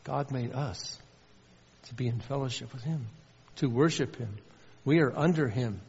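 A man preaching a sermon with earnest emphasis, swinging between loud stressed lines and soft low asides. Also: moderate pace, slightly rough. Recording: muffled sound with long hall reverb.

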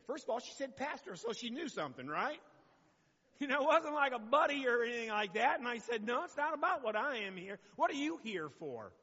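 High-voiced male pastor preaching in a hall. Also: sing-song, a little fast, pushed and bright, breathy edge, lo-fi sound. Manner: conversational preaching with questions to the congregation. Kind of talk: sermon.

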